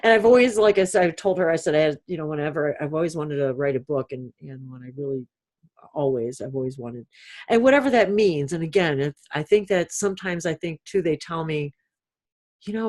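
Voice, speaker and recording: A woman's voice: lowish voice, normal speed. A woman hosting a casual spiritual chat, rambling and laughing, often poking fun at herself. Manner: animated, laughing, self-mocking rambles. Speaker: spiritual talk host. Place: outdoors with birds overhead.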